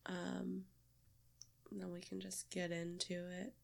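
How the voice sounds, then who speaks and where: A woman's voice: lowish voice, completely flat delivery, takes it slowly, creaky. A woman co-hosting a podcast in a casual, rambling chat, swearing and giggling as she goes. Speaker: podcast co-host.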